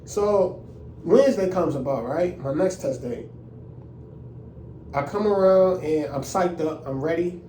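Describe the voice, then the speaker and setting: A young man telling a story in a casual, animated, indignant way and using lots of slang. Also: on the high side, unhurried, pauses often, echoey room, far from the mic, a little hiss or hum. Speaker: vlogger.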